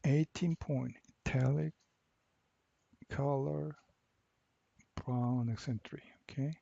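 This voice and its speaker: A man walking through a software assignment step by step, repeating each instruction slowly. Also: mid-range voice, steady tone, creaky, no room sound, muffled recording. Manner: slow, step-by-step, repeats cell names. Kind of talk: screen-recorded software tutorial.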